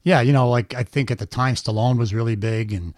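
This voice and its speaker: A middle-aged American impressionist chats in an interview, rattling off stories at a quick pace. His voice sits in a middle register and sounds dry and close. He talks emphatically, with restarts and asides. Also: mid-range voice, no echo. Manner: animated storytelling, quick and emphatic. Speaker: impressionist guest. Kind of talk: casual interview chat.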